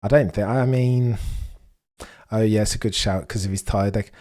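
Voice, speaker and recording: Excitable man hosting a live race stream. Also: on the low side, moderate pace. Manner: excitable, chatty, addresses chat directly, rhetorical questions. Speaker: livestream watchalong host. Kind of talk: live race watchalong commentary.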